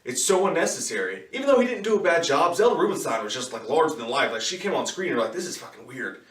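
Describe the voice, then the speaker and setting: A man giving a casual, profane movie review, ranting in an animated way and slipping into quick impressions. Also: a little high, distant mic. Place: in his car. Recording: echoey room, voice somewhat off-mic.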